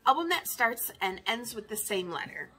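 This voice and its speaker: A woman's voice: on the high side, big pitch swings, normal speed, sharp tone, slightly rough. A woman in her fifties, a record collector chatting casually in a vinyl tag video, wry and self-mocking. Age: 50s.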